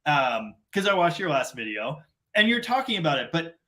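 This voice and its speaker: A man's voice: on the high side, very animated, moderate pace, a bit bright. A middle-aged man from Canada hosting a casual live stream, rambling and self-deprecating in long run-on sentences.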